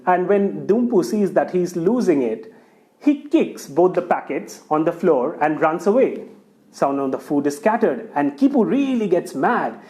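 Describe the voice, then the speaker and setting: A man telling a folk tale aloud, speaking straight to his listeners. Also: fairly high pitch. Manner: lively, addresses the listener directly. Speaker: storyteller. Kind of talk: oral folk storytelling.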